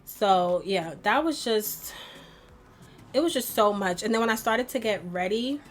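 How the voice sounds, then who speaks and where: A woman's voice: medium pitch, expressive, measured pace, faint music behind. A young woman chatting and venting while doing her makeup at home, rambling with many fillers. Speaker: beauty vlogger. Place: home bedroom at a vanity.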